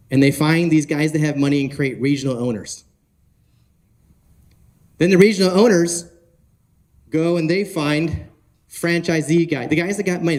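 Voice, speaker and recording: A man giving an energetic talk at a conference, often asking the audience questions and joking with them. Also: a little high. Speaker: conference speaker. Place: conference hall.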